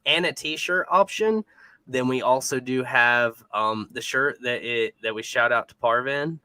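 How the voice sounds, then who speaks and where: Bright-voiced man plugging his show. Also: mid-range voice, a little slow. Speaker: podcast host. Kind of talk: casual podcast chat.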